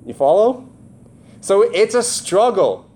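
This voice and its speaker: A man's voice: high-pitched, very animated, takes it slowly, darkish tone. Congested, chatty man preaching. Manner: conversational, asks the audience questions. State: nasal congestion. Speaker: pastor. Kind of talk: sermon.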